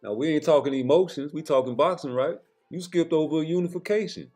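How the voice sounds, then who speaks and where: A man's voice: fairly high pitch, quick pace, a little mellow, soft background music. A man giving a blunt, slangy boxing commentary rant straight to his viewers, with profanity.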